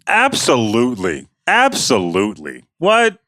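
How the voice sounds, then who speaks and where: A man co-hosting a sports podcast in casual chat, loud and excitable, swearing freely. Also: mid-range voice, a little slow, no echo, clean studio sound. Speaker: podcast co-host.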